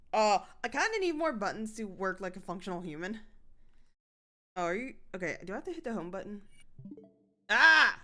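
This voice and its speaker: A woman streaming a video game, chatting casually with her viewers and breaking into sudden excited squeals. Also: medium pitch. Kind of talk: casual gameplay commentary.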